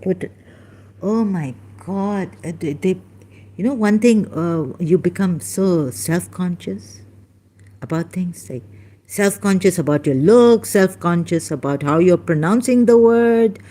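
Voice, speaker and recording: Low, slow-talking woman. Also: mellow. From Pakistan. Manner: meandering, self-interrupting, mimics accents. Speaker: vlogger. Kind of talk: rambling personal monologue.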